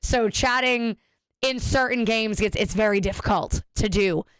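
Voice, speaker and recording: A woman's voice: fairly high pitch, a little slow, clean tone, no echo, studio quality. A woman streamer chatting casually with viewers, rambling and cutting herself off mid-sentence as she tells a story. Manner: rambling, self-interrupting storyteller.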